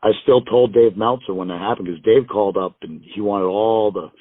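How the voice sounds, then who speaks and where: A man's voice: on the low side, normal speed, dry recording. Male guest, rambling storyteller who swears freely and acts out others' lines, heard through a tinny, dry phone line. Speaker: wrestling guest telling road stories. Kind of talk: casual storytelling interview.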